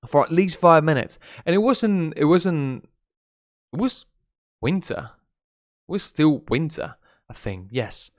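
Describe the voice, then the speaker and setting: A man's voice: on the high side, lively intonation, slow pace, pauses often, no echo, studio quality. Chatty Spanish-accented man teaching English. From Spain. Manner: chatty, gossipy, swears, mixes Spanish into English. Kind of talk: casual live-stream English lesson.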